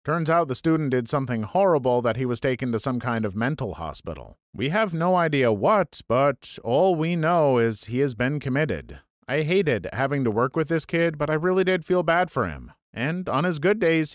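Lively man narrating read-out stories. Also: mid-range voice, no room sound, clean studio sound. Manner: reads first-person anecdotes in a storytelling tone. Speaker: story narrator. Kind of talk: scripted narration of reader stories.

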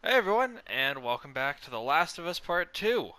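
A man's voice: medium pitch, lively intonation, normal speed, sharp tone, smooth, dry recording. Congested man chatting over gameplay. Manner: chatty, thinking aloud while playing. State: congested from allergies. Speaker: let's play gamer. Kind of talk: casual gameplay commentary.

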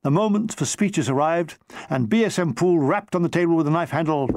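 A man's voice: a little high, fairly quick, darkish tone, no echo. Dry-witted man narrating his memoir. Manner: dry, wry storytelling with comic timing. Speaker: author reading his own memoir.

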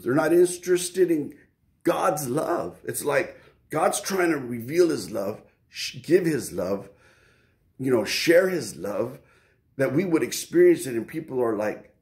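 A man's voice: mid-range voice, echoey room. A man preaching an informal sermon to prayer warriors, talking casually and emphatically and acting out quoted prayers.

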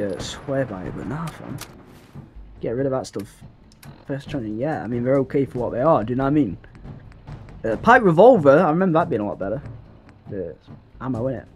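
A young man talks through a game in casual, slang-heavy banter. His pitch is lively and rises and falls a lot. He breaks into excitable bursts, and the game's sounds run clearly behind him. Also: a little fast, long pauses, a little hiss or hum. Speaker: gameplay commentator. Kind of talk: casual let's-play commentary.

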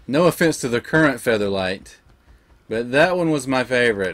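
Excitable man narrating his gameplay. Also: medium pitch, normal speed. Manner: swings from shouting at pets to soft muttering. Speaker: gaming channel host. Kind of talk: let's play commentary.

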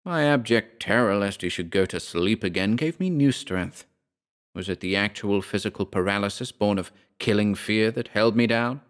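A man with a lowish voice narrates a horror audiobook slowly and dramatically. In the darkest passages, his voice drops to a hush.

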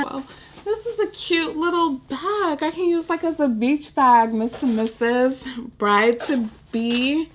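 A young woman hosting a casual unboxing vlog, talking in a gushing, excitable way. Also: medium pitch, slight background noise. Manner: gushing, excitable, says "so cute" and "little" a lot. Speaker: vlogger.

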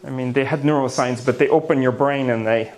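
At a brisk pace and in a steady, mid-range voice, a neuroscience lecturer presents on the brain to a conference-hall audience. He keeps it playful and theatrical, with gasps, asides and small jokes thrown in.

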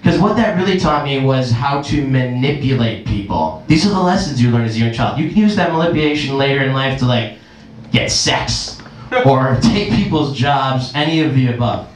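A man's voice: medium pitch, lively intonation, normal speed, a little hiss or hum. A man doing a rambling, crude stand-up comedy set on a club stage. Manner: rambling, crude, acts out voices in quotes. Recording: echoey club recorded from a distance.

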